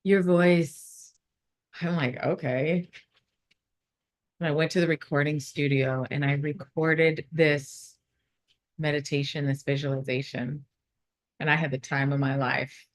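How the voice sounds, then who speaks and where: A woman giving a motivational talk in a conference room, then leading a guided visualization in a calm, soothing way. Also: low-pitched. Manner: warm, slow and soothing when guiding the meditation. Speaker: motivational speaker. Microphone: phone.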